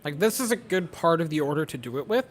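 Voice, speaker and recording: A young man chatting casually at a home watch party, giving a nervous, excitable running commentary on a baseball game. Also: on the high side, fast. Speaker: host. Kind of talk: casual chat.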